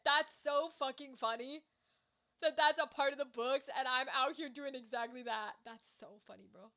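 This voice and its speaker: Woman, American accent, streamer, casual livestream chat, chatty, animated, high voice. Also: normal speed. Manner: chatty and animated, reads viewer comments aloud, swears casually.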